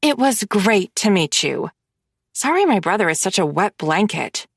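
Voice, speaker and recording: A woman's voice: mid-range voice, big pitch swings, a little slow, gravelly, breathy edge, no room sound, studio quality, full character voice. A woman voicing a bratty, sarcastic twenty-year-old mafia sister who mocks and gushes in a fake sweet tone. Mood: snarky. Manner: snarky, mocking, gushing.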